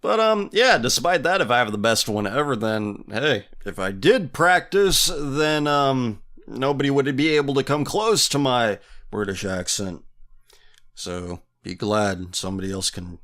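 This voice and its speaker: A man's voice: mid-range voice, expressive, measured pace, fairly bright tone. Podcast host, male, mid-range voice, sarcastic and mocking, casual commentary with frequent laughter. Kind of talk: casual commentary reading listener messages.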